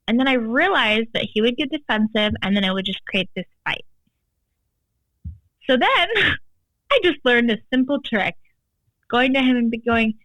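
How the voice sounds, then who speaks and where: A woman's voice: mid-range voice, expressive, moderate pace, fairly bright tone, no echo, low-quality recording. A woman guest coach talking emphatically in casual podcast chat, with lots of "like" fillers. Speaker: guest, tantra and embodiment coach.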